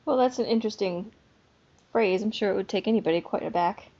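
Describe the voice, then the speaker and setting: A woman's voice: medium pitch, fast talker, warm tone. A woman co-hosting a book podcast, chatting casually with frequent fillers. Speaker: podcast co-host. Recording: dull lo-fi audio.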